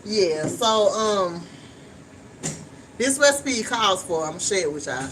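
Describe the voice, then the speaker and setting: A woman's voice: medium pitch, takes it slowly. Chatty woman cooking at home. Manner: chatty, frank, talks straight to viewers, swears casually. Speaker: vlogger. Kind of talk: casual chat while cooking. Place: home kitchen. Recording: distant mic with steady background noise.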